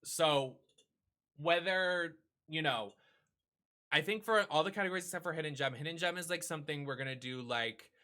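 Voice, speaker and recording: A man with a bright, ringing voice pitched a bit high rants loosely and with swearing through a casual chat with his partner. His delivery is animated and quick to flare up. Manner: animated, profane ranting. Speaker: streamer host.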